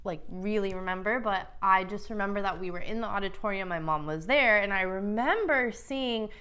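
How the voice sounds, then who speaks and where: A woman's voice: mid-range voice, moderate pace, a bit bright, clean tone. A woman hosting a vlog, casually telling a personal story to camera, chatty and earnest, with lots of "like" and mild swearing. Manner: earnest, builds to emotional emphasis.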